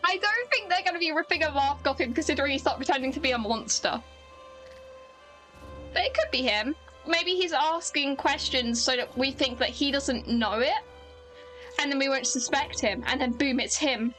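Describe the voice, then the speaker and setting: A woman's voice: high-pitched, moderate pace, fairly bright tone, faint music behind. A woman streaming a game, chatting casually with self-mocking asides between reading lines. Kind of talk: casual let's-play commentary.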